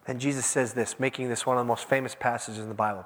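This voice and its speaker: A man preaching a sermon in an animated, conversational way, acting out quotes as he goes. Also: mid-range voice, quick pace, hardly any pauses. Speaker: pastor. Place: church. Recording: long church-hall reverb.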